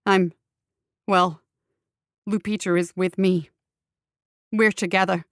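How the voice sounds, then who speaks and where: A woman's voice: fairly low pitch, fairly even intonation, slow pace, dry recording, studio quality. A woman voicing a nervous but determined young man in a storybook, speaking earnestly and insistently.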